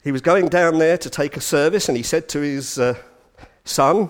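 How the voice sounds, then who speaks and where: A man giving a storytelling lecture, animated and full of chatty asides. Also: a little high, moderate pace. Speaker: speaker giving a talk.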